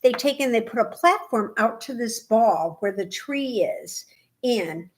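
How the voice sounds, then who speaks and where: A woman co-hosting a podcast in casual chat, telling animated, rambling stories. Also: fairly high pitch, unhurried. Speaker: podcast co-host.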